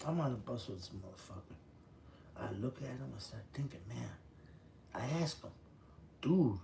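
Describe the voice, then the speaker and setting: Gravelly, blunt-talking man in his fifties. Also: mid-range voice, a little mellow, slight background noise. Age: 50s. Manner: profane, blunt, street-talk storytelling. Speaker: former prisoner telling his story. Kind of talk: casual storytelling.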